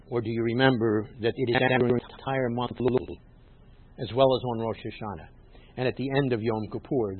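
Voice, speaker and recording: A man preaches as a rabbi. He explains in a teacherly way, then pushes his voice up loud to stress a point. His voice is a bit husky, and the recording is narrow and muffled, like a phone line. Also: medium pitch. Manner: emphatic, rises loud on scripture quotes, teacherly asides. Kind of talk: sermon.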